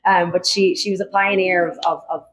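A woman's voice: fairly low pitch, fairly even intonation, brisk, a little hiss or hum, low-quality recording. A woman, a musician guest speaking earnestly and gratefully in casual interview chat.

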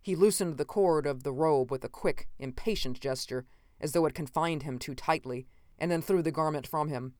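Woman audiobook narrator, low voice, dry close recording, measured reading. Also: a little mellow, no echo. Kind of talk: scripted narration.

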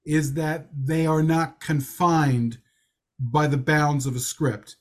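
A man's voice: a little high, fairly even intonation, slow. A man co-hosting a podcast, giving wry, thoughtful film criticism in casual chat. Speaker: podcast co-host reviewing a film.

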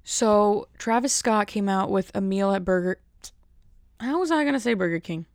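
A woman's voice: mid-range voice, moderate pace, a little mellow, dry recording, studio quality. A woman chatting casually to her viewers, rambling and joking at her own expense. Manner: rambling, jokey, self-mocking. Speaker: vlogger. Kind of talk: casual chat to camera.

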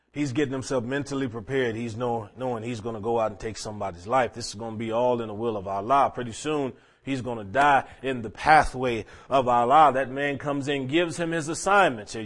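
Man preaching a storytelling sermon. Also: mid-range voice. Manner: storytelling preacher, quoting scripture, swinging between hushed and raised.

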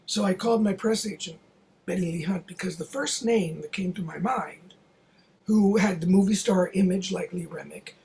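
An older theater producer recounts a story from a long career in a relaxed, conversational way. The telling wanders with fillers and restarts and keeps breaking into quoted dialogue. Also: medium pitch, gravelly, slight background noise, low-quality recording. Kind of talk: anecdotal storytelling.

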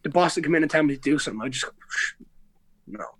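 A man's voice: on the high side, steady tone, racing, dry recording. A young Irish man in a casual podcast interview, telling stories in a rambling way with many restarts and slang. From Ireland. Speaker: guest, pro MMA fighter.

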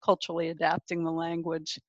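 A woman's voice: sits low, completely flat delivery, no echo, highs cut off. Chatty woman hosting a podcast. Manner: quick to laugh, chatty. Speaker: podcast host. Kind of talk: casual interview chat.

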